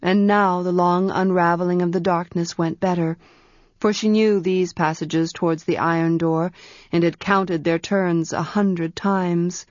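A woman narrating a story in a measured, quiet storytelling manner. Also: on the low side, fairly even intonation, no room sound, dull audio. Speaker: audiobook narrator.

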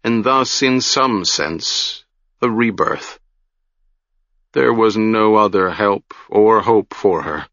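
A man voicing a stern male mage who speaks gravely and gently, his voice strained with sorrow. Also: fairly low pitch, slow, no echo, muffled recording. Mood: strained, sorrowful.

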